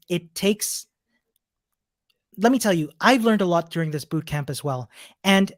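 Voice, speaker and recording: A man's voice: on the high side, dry recording, clean studio sound. A man teaching a coding bootcamp, wrapping up a live-streamed class and answering viewer questions in an upbeat, encouraging, chatty way. He laughs often and restarts his sentences. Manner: laughs often between remarks.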